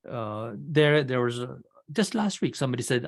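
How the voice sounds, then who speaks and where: A man's voice: medium pitch, animated, normal speed, creaky. A man leading an orientation at an online club meeting, talking in a blunt, direct way with frequent restarts. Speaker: club leader giving member orientation.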